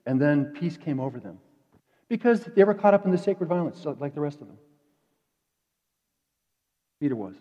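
A man preaching a sermon in a conversational way, dropping to quiet asides and rising to emphatic peaks. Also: a little high, sing-song, normal speed, long pauses. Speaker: pastor. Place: church sanctuary. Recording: dull echoey church hall.

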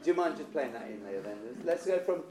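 Choir director in an echoey room. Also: male voice, on the high side, expressive, quick pace, a little mellow. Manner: encouraging, demonstrates vowels by singing. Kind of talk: choir rehearsal coaching. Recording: roomy echo with faint instrument.

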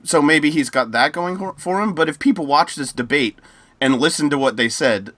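A man's voice: on the high side, normal speed, a bit bright, dry recording. A man co-hosting a podcast, chatting casually, often laughing and giving his opinions. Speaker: podcast co-host. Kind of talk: casual chat.

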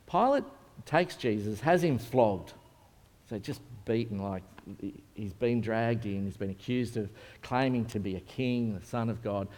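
Earnest preacher in a big echoing hall. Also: male voice, mid-range voice, a little mellow. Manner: earnest, conversational with vivid retelling. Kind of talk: sermon. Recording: long reverb in a large hall.

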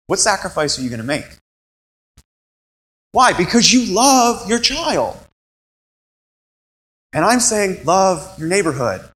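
A male pastor preaches with a lively, swooping delivery, slipping into quoted voices as he goes. His voice sits a little high and sounds bright and forceful. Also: poor audio. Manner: animated, acts out quoted voices. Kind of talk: sermon.

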